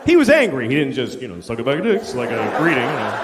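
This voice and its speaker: Profane male stand-up comic, lively delivery. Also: mid-range voice, moderate pace, a loud crowd. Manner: profane, incredulous storytelling. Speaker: stand-up comedian. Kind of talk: stand-up comedy routine. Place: comedy stage before a live audience. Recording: live show with loud laughter and hiss.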